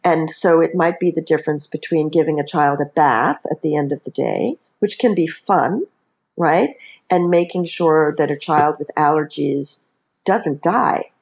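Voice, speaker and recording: A woman's voice: low voice, a little slow, vocal fry, darkish tone. A woman author speaking as a podcast guest, explaining earnestly with many asides. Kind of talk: podcast interview.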